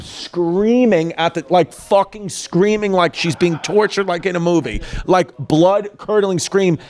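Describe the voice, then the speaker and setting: Male podcast host, a bit high-pitched, rambling storyteller who swears a lot. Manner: animated storyteller, lots of "like" and swearing. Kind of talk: casual chat.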